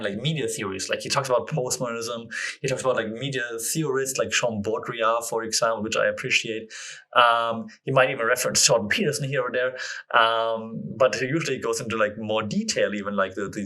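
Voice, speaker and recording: Podcast host: a man with a bright, forceful voice at a middle pitch, talking casually and rambling as he thinks aloud. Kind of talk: casual solo podcast chat.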